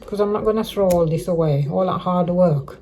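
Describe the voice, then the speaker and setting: This middle-aged woman, who is living on the streets, vlogs a laid-back update to her audience in a lowish, warm voice at a brisk pace. Her talk rambles and repeats, with frequent restarts.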